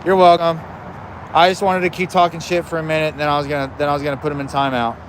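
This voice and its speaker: A man's voice: on the high side, level tone, fast, noisy background. A man hosting a casual livestream outdoors beside his smoker, chatting bluntly with viewers and swearing freely. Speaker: livestream host.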